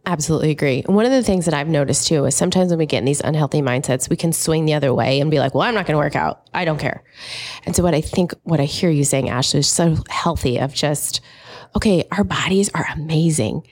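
A woman's voice: sits low, fast talker, a little mellow. A woman co-hosting a podcast, affirming her guest with enthusiasm and asking questions. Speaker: podcast co-host. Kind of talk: casual conversation.

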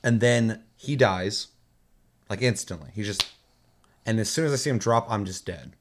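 A man with a fairly low voice talks through a casual gaming chat as host. He rambles through his stories and swears freely. The talk is loose and unscripted. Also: moderate pace, background noise. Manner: profane, rambling storytelling.

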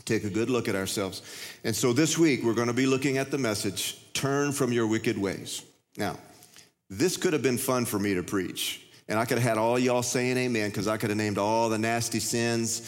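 A pastor in his fifties preaches in a folksy, conversational way, circling back and restarting his phrases. His voice sits at an everyday middle pitch for a man. Long reverb from a large church hall trails his words. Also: moderate pace. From United States. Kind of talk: sermon. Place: church sanctuary.

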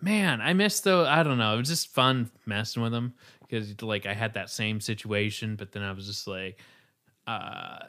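A man's voice: fairly low pitch, sharp tone. A man in casual conversation, playful and joking, sharing his own story. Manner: playful, joking, quick backchannels.

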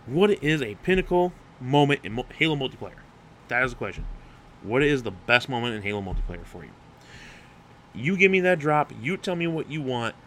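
A young man hosts a solo podcast with no script, his voice bright and forceful. He rambles, restarts his sentences and swears freely as he gets hyped. A faint hiss sits under him. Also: mid-range voice, big pitch swings, fairly quick. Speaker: podcast host. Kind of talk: unscripted solo podcast rant.

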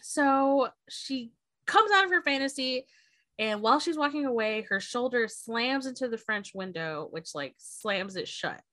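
A woman's voice: fairly high pitch, animated, measured pace, bright, forceful tone, dry recording. A woman co-hosting a book podcast, casually retelling the plot and swearing often. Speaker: podcast co-host. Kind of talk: casual book-club chat.

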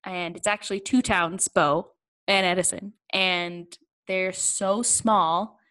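A woman's voice: fairly low pitch, fairly even intonation, slow, a bit bright, poor audio. A woman in casual chat, talking in a rambling way full of fillers and little laughs. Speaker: guest.

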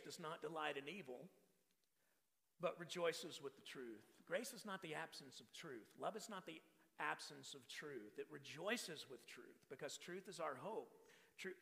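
Texan man, guest preacher, rough gravelly edge, bright forceful tone, talks with the room. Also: a little high, big-room sound. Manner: conversational, repeats words, asks the crowd to respond. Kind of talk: sermon.

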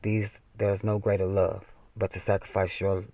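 A man voicing a calm, wise male doctor in a dream, speaking softly and quietly with gentle firmness, on a slightly dull recording. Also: low voice, moderate pace, dry recording. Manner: soft and quiet, gently firm.

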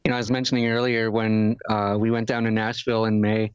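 A man's voice: lowish voice, monotone, clear, resonant tone, no echo, muffled recording. Easygoing Canadian man in a dry close mic. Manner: easygoing, halting with fillers. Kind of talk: casual podcast chat.

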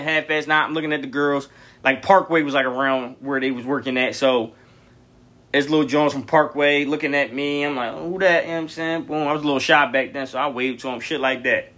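Blunt, cussing man telling stories. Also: on the high side. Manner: profane, blunt, animated storyteller. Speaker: podcast host. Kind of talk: casual storytelling monologue.

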